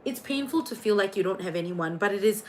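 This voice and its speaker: A woman's voice: mid-range voice, lively intonation, quick pace, noisy background. A young Singaporean woman with a Singaporean accent, hosting a casual livestream from her room as a tarot reader. She talks in a gushing, chatty way, full of fillers and restarts.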